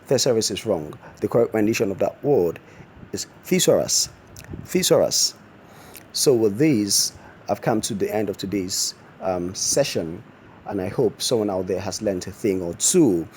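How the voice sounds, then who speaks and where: A man's voice: on the low side, normal speed, darkish tone, slight background noise. A man teaching a pronunciation lesson, spelling words out letter by letter and then saying them with care.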